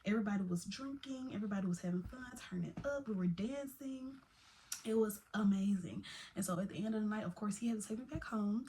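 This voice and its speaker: A young woman telling a personal story in a casual, animated vlog style, full of slang and asides. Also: medium pitch, quick pace. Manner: chatty, animated, Southern-tinged slang like "baby" and "y'all".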